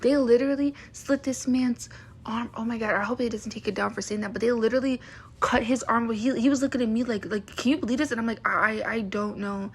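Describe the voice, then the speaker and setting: A woman's voice: fairly high pitch, fairly even intonation, fast, husky. A young woman from the Baltimore area ranting heatedly to camera, indignant, with many fillers and restarts. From Baltimore area, USA. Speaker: vlogger. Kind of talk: casual rant to camera.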